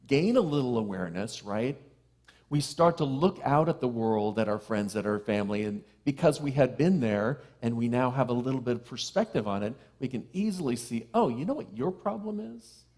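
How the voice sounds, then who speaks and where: A middle-aged man preaching from the pulpit in a mid-range voice. He slips into joking, self-deprecating asides with the congregation, then slows and drops to a near hush to land a key phrase. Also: medium pitch, expressive. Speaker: minister. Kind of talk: sermon. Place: church sanctuary with live congregation.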